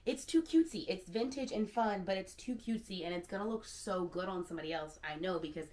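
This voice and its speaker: Chatty woman in her thirties, low voice. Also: quick pace, a little mellow. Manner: candid, chatty, sprinkled with "like". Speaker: secondhand stylist. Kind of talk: casual vlog.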